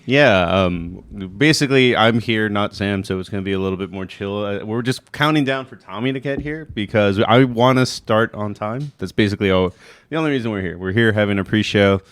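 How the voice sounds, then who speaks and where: Co-host, male, lowish voice, laid-back chatter, close dry sound. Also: fairly quick, clear, resonant tone, no echo. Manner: relaxed, conversational. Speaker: podcast co-host. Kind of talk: casual chat.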